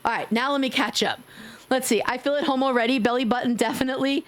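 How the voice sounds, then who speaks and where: A woman streaming a game live, talking loudly and playfully to her chat, teasing and swearing. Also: high voice, fairly even intonation, fast.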